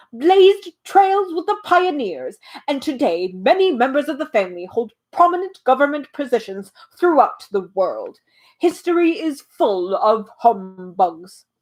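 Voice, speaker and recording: A woman voicing a pompous, boastful old male humbug bug in a storybook reading, speaking loudly and grandly. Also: fairly high pitch.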